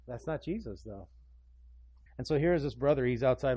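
A man preaching a sermon in an animated way, acting out scripture voices with rising emphasis. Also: medium pitch, a little fast, slightly rough, no room sound. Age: adult parent. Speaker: pastor.

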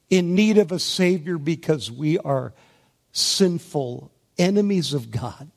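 Slow, intense male preacher. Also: fairly high pitch, lively intonation, creaky. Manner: swings from soft, hushed lines to loud, rising emphasis; slow, deliberate delivery with drawn-out key words. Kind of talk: sermon.

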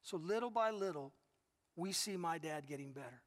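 High-voiced middle-aged male pastor preaching. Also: lively intonation, moderate pace. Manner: earnest storytelling with repeated restarts. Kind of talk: sermon. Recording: long reverb of a large hall.

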